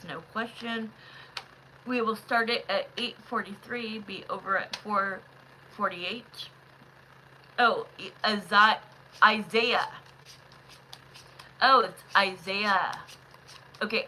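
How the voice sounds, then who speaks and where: Slow-talking, bright-voiced woman tarot streamer. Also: medium pitch, slight background noise, rough recording. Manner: chatty, gushing, calls viewers love and honey; jumps to loud excited bursts. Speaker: livestream tarot reader. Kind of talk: casual live-stream chat with viewers.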